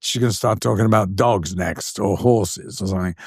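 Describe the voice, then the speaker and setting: An older Englishman recounts stories from his career with lively animation, slipping into the voices of the people he describes. The sound is dry and close, with no room echo. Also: fairly low pitch, a little fast, slightly rough. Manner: animated, acts out quoted voices in anecdotes. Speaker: actor and guest. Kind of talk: anecdotal storytelling.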